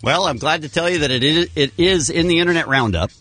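A man co-hosting a radio talk show, reading listener emails with an animated, joking tone. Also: fairly high pitch, fast, faint music behind.

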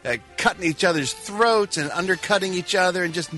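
A man's voice: high-pitched, brisk, pushed and bright, faint music behind. A man co-hosting a morning radio show, giving emphatic opinions. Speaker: radio co-host.

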